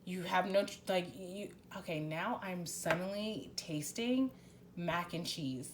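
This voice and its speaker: A woman's voice: lowish voice, a little slow, background noise. A woman doing a casual spoken tarot reading. She talks bluntly, swears freely and rambles with many restarts. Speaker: tarot reader.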